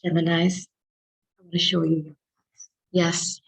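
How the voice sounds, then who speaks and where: A woman's voice: on the low side, normal speed, poor audio. A woman giving a tarot reading, speaking earnestly and affectionately to her listeners and calling on angels. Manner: spiritual, invokes angels. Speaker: tarot reader.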